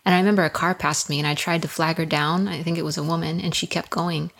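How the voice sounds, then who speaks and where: Young woman guest on a podcast, candid and earnest, trips over her words a bit, lowish voice. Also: fairly even intonation, fast talker, vocal fry, a bit bright. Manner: earnest, candid, repeats words while telling a story. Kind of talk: casual podcast chat, personal storytelling.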